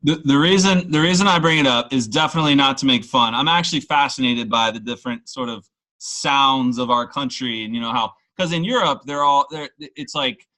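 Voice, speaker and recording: A man with a bright, forceful voice talks in a loose, rambling way, full of self-mocking asides. He is from the Washington, D.C. area and hosts a casual, tipsy chat. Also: mid-range voice, a little fast, low-quality recording.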